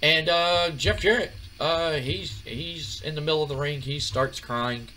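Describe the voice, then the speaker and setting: A gaming channel host with a somewhat high voice and slightly slow delivery gives relaxed let's-play commentary on his wrestling management game. He rambles with lots of fillers, and there's slight background noise.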